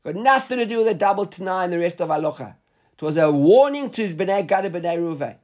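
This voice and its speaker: Man teaching talmud, high voice, reads lines then explains in english. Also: lively intonation, fast talker, a little mellow. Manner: reads Hebrew and Aramaic text aloud then explains in English.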